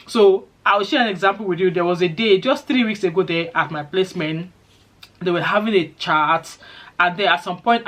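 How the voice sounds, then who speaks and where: Fast-talking Nigerian woman vlogger. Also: lowish voice. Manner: fast-talking, lively storytelling. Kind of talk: casual chat to camera.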